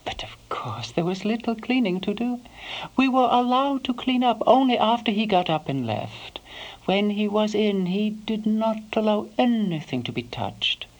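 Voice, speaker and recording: A woman playing a devoted elderly housekeeper, recalling her employer in a soft first-person monologue that sometimes sinks to a whisper. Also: medium pitch, animated, moderate pace, lo-fi sound, lightly acted. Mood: wistful. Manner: soft-spoken, slips into hushed whispers.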